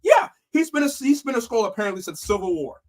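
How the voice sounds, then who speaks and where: Man, very high voice, lively delivery, exasperated countdown reviewer on a live call. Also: fast, slight background noise. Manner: animated, exasperated listing. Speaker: movie reviewer.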